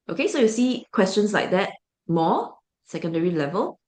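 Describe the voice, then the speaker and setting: A woman's voice: mid-range voice, sing-song, moderate pace, darkish tone. A woman teacher with a Singaporean English accent walks a class through how to answer questions. She keeps asking the students questions and then answering them herself. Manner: explanatory, asks the class rhetorical questions.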